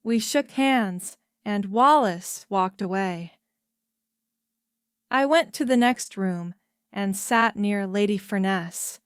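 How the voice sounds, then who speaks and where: Slowly and with care, a woman narrates a simple scripted tale for language learners, holding an even pace. The medium-pitched voice sounds clear and crisp, close and dry, with no room sound.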